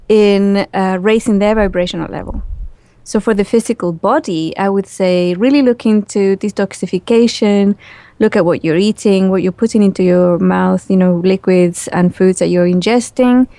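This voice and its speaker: A woman guest in a relaxed, chatty interview who laughs easily and uses lots of fillers. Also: mid-range voice, no echo. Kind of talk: casual spoken interview.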